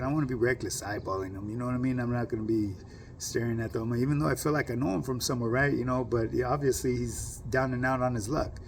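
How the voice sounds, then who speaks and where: Gravelly middle-aged man. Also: medium pitch, a little hiss or hum. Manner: streetwise slang, keeps asking "you know what I mean". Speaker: vlogger telling a personal story. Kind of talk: casual storytelling to camera.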